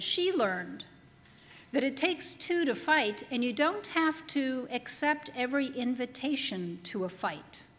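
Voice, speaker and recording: A woman preaching a sermon in a chapel, telling a story with humor in a slow, deliberate way. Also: sits high, fairly bright tone. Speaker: pastor. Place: large chapel. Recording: long reverb of a chapel hall.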